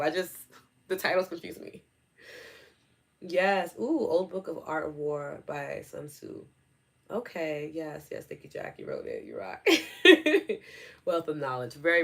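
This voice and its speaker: A woman in her thirties from New York City, hosting a live stream, reading viewer comments and laughing often as she talks to her audience. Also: sits low. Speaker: host.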